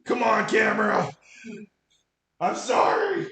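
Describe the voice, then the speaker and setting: A man's voice: high-pitched, very animated, takes it slowly, gravelly, fairly bright tone, reverberant. A man chatting casually with his live chat while cooking at home, goofy and laughing often. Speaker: cooking streamer. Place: home kitchen.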